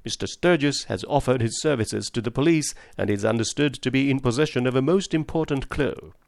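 A man's voice: mid-range voice, a little fast, creaky, a little mellow, no echo, studio quality, natural voice. A man reading the part of a genial old yacht owner who talks in a hearty, hospitable way. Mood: reading aloud.

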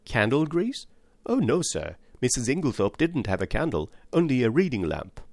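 A nervous young housemaid, deferential and hesitant, as a male narrator puts her on. Her answers lift higher than the narration, with a lively lilt and a dry, close sound. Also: normal speed, no room sound. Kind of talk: audiobook reading.

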